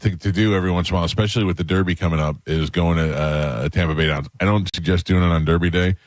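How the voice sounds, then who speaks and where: Deep-voiced male radio host. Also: very fast, no echo. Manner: storytelling, animated when quoting others. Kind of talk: casual radio banter. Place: radio studio.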